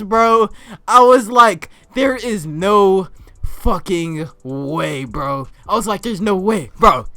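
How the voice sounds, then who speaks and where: A young man telling a story as a casual vlog rant. He talks excitably, swears a lot and often breaks into shouts and laughter. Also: extremely high pitch, no room sound. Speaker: vlogger.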